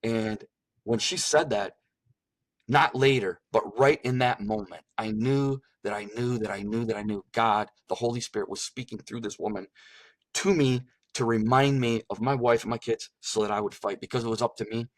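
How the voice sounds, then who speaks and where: A man's voice: on the low side, normal speed, no echo. A middle-aged man earnestly recounting a personal testimony, repeating phrases for emphasis. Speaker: guest sharing a testimony. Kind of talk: emotional personal storytelling.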